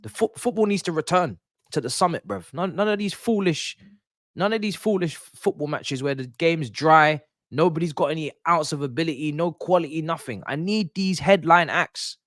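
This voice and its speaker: Excitable young man streaming football. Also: fairly high pitch, normal speed, dry recording, studio quality. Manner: excitable, slangy, repeats himself. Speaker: football watch-along streamer. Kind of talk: live match watch-along commentary.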